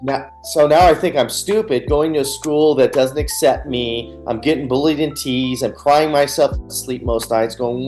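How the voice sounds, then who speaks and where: A man speaks as a guest on a radio interview, telling his own story earnestly and candidly. His voice sits at an ordinary mid pitch for a man. Soft music plays faintly in the background. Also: moderate pace, hardly any pauses. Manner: earnest, candid, retells scenes with quoted dialogue.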